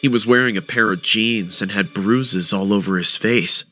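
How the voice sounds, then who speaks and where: A man narrating a first-person horror story with a dramatic, expressive delivery. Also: on the low side, normal speed, faint music behind.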